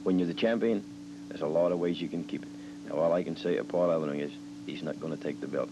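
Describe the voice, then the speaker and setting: A deep-voiced male wrestler speaks quickly and bluntly in a promo. Old TV tape hiss and hum sit behind him. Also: highs cut off. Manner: brisk, plain-spoken, calls people brother.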